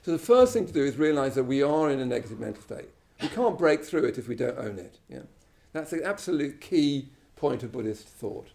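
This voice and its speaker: A man's voice: medium pitch, very animated, a little fast, gravelly, hardly any pauses, a little mellow. An English man giving an informal Buddhist talk to a live class, chatty and self-deprecating, often checking in with "you know" and "yeah?". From England. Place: shrine room at a Buddhist centre, live class.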